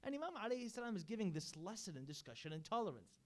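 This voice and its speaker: In a religious center hall, a majlis speaker delivers a sermon, earnestly telling stories with quoted speech. His voice sits high, and he talks fast and very animatedly.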